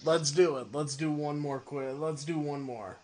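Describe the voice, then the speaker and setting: A man hosts a relaxed podcast chat in an easygoing way, laughing readily with his guest. His voice sits a little high for a man. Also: normal speed. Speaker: podcast host. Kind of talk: casual interview.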